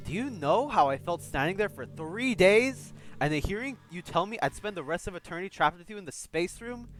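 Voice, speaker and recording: A man's voice: high-pitched, lively intonation, fairly quick, a bit bright, soft background music. A man voicing a bewildered, angry young male student from a visual novel, speaking in a confrontational way.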